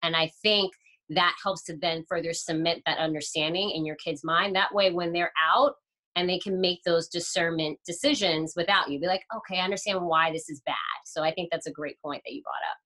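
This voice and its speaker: A woman co-hosts a casual podcast with a lowish, bright, forceful voice. She affirms what her guests say and weaves in her own stories. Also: fairly even intonation, fairly quick. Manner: warmly affirming, storytelling. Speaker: podcast co-host.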